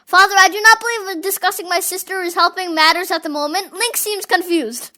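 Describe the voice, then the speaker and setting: An earnest young fish-folk prince from a fantasy game, put on by a fan doing every role. He speaks politely and reasons with his elders, and the voice is very high and bright. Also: steady tone, fairly quick, full character voice. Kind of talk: voicing game dialogue.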